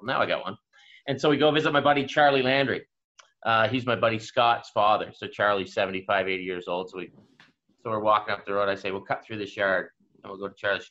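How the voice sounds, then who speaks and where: A man from Atlantic Canada, a podcast guest, telling a casual anecdote in a relaxed way. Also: fast talker. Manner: relaxed anecdotal, raises pitch for quoted voices. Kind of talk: casual storytelling. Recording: dull lo-fi sound.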